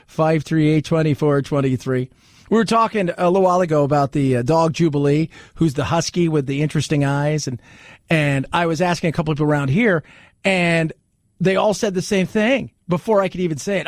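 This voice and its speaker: A man's voice: on the high side, a little fast, dry recording, studio quality. A man hosting a talk radio show, chatting casually in a wry, sarcastic way.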